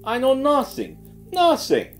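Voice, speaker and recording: A man voicing a terrified young woman witness, pleading in a high, near hysterical voice. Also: wildly swooping pitch, measured pace, soft background music, exaggerated voice. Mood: frightened.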